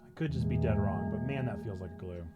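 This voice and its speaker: A man's voice: fairly low pitch, fast talker, lo-fi sound. A man streaming a video game, chatting casually with his viewers. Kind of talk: casual live gameplay chat. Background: game music.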